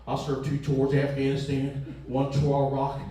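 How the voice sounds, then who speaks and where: A grim, shell-shocked war veteran speaks in a deep, flat, somber voice, as a comic puts him on. The sound is very echoey, picked up from far off the mic. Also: male voice, normal speed, natural voice. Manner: low, flat, somber delivery.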